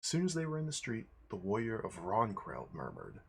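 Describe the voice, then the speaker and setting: Man, streamer, husky voice, lively reading, lowish pitch. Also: brisk, few pauses. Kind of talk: reading a game manual aloud.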